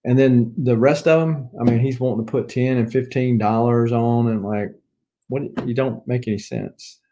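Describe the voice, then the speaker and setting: A man's voice: medium pitch, steady tone, moderate pace, dark tone. A man with a Southern US accent chatting casually as a comic book collector vlogger, rambling as he lists items one by one. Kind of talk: casual show-and-tell chat.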